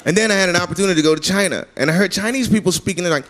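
A man performing a stand-up comedy routine on a club stage, animated and often laughing at his own jokes. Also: high voice, very fast, few pauses. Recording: live club recording with crowd noise. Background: audience laughter and room noise.

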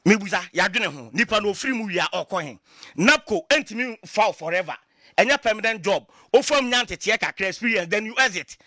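A man with a Ghanaian accent, speaking as a political commentator in a lively talk show discussion, passionate and full of rhetorical questions. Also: high voice, quick pace, no echo, studio quality. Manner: passionate, mixing Twi and English, rhetorical questions.

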